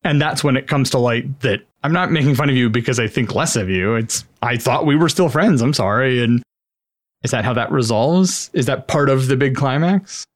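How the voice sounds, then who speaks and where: A man's voice: medium pitch, normal speed, dry recording, studio quality. A man co-hosting a podcast, chatting casually and thoughtfully, swearing freely as he brainstorms a movie plot. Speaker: podcast co-host. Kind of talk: casual chat.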